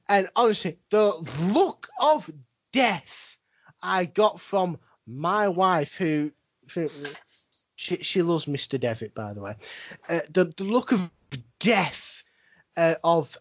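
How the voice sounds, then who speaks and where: A man's voice: sits high, no room sound, lo-fi sound. A young man from England chatting on a podcast at home, swearing a lot and laughing often. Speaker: podcast co-host. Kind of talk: casual chat. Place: at home, speaking from his room.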